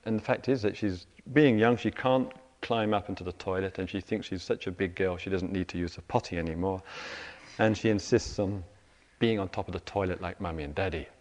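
A middle-aged man giving a meditation talk, telling everyday stories with lively, acted-out quotes. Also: low-pitched, fairly quick. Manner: animated storytelling, acts out quoted voices. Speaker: meditation teacher. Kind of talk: dharma talk to retreat audience. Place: retreat center meditation hall. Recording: reverberant hall recording.

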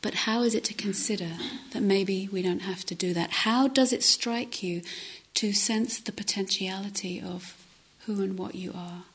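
Breathy woman giving a meditation talk. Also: mid-range voice, moderate pace, hardly any pauses. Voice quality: breathy, often drops to a whisper. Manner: gentle, reflective, with hesitant restarts. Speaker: meditation teacher. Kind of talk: dharma talk. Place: retreat center meditation hall.

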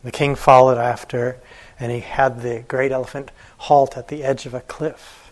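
A man, a meditation teacher, telling an old fable in a gentle, unhurried way during a morning talk. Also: mid-range voice, level tone, low-quality recording.

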